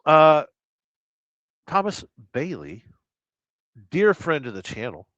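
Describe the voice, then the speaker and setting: Middle-aged male trucker streamer, rambling, crude, mid-pitched and smooth, recorded slightly lo-fi. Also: expressive, moderate pace, a bit bright, no echo. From Southern California. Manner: rambling and crude, hums nonsense syllables between comments. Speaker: truck driver live-streamer. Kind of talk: casual live-stream chat reading viewer comments. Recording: slightly dull lo-fi sound.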